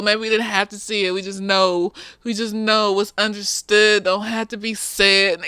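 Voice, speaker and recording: A woman's voice: mid-range voice, a bit bright, clean tone. A woman with a middle-range voice talks through a TV episode the way a friend would, loose, slangy and unafraid to swear. She is a therapist who is slightly tipsy. The sound is dry, with no room echo around her voice. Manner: chatty, frank and profane, with slangy asides. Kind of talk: casual TV recap vlog.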